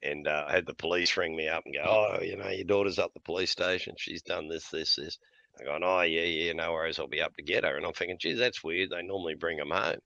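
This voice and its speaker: A man's voice: low voice, steady tone, fast talker, gravelly, sharp tone, dry recording, dull audio. A middle-aged man telling blunt, profane stories in casual chat, often laughing between lines. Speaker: podcast host.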